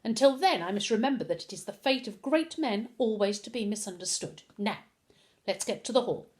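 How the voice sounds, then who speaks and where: Woman reading as icy controlling headmaster, storybook villain, clipped orders, lively pitch. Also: brisk, close to an everyday voice. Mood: grandiose.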